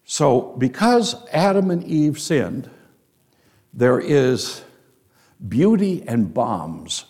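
A male pastor preaching a sermon, emphatic, with rhetorical questions and dramatic pauses. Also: medium pitch, big pitch swings, darkish tone.

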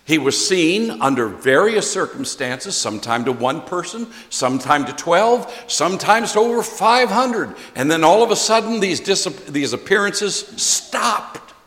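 A man preaching a sermon as pastor, emphatic and folksy, shifting between loud stresses and soft asides to his congregation. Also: high voice, big pitch swings, measured pace, hardly any pauses, in a large hall.

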